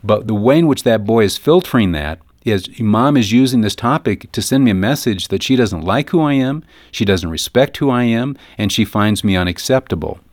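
A man with a lowish voice talks earnestly about parenting in a radio interview. His sound is close and dry, with no room in it. He slips into quoted voices as he tells his stories. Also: lively intonation, moderate pace, hardly any pauses, no room sound. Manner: earnest, acts out quoted mothers and sons. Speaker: guest author on parenting.

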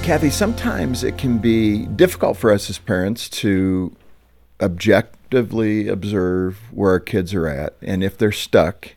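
A man hosting a radio interview, asking questions in a measured, thoughtful way. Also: fairly low pitch, animated, gravelly, a little mellow, no room sound, faint music behind. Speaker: radio host.

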